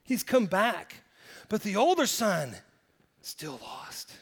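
A man preaching a sermon, animated, with emphatic rises and hushed drops. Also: high-pitched, slow pace, vocal fry, slightly rough, big-room sound. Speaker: pastor.

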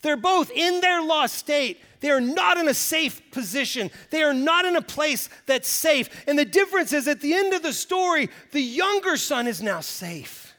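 A man preaching a sermon, animated, with emphatic rises and hushed drops. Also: very high voice, moderate pace, hardly any pauses, in a large hall. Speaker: pastor.

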